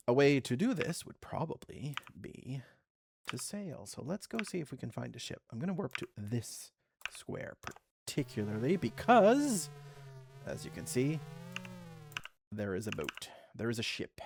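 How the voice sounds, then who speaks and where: A man's voice: mid-range voice, gravelly, background noise. A man hosting a casual let's play, chatting and reading game text aloud with a few self-corrections.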